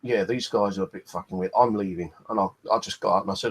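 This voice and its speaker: A man's voice: on the low side, fast talker, few pauses. A man rambling in a casual vlog, swearing freely and padding his talk with fillers, hot and thirsty. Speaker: vlogger.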